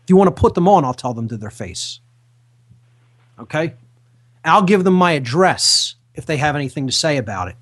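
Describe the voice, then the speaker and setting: A man hosting a radio talk show, speaking emphatically and repeating key phrases slowly for effect. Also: fairly high pitch, sing-song, a bit bright.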